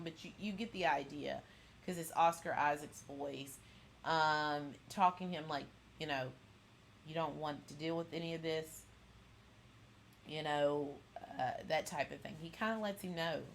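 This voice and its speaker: A woman's voice: low voice, fairly bright tone, a little hiss or hum. A woman hosting a pop culture channel, casually recapping an episode in a rambling way full of fillers and restarts.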